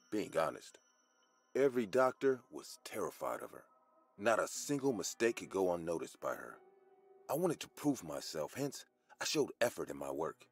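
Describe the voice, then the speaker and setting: A man narrates a hospital horror story in the first person, with a very low, husky voice. His delivery is measured, with dramatic pauses and a lively rise and fall in pitch.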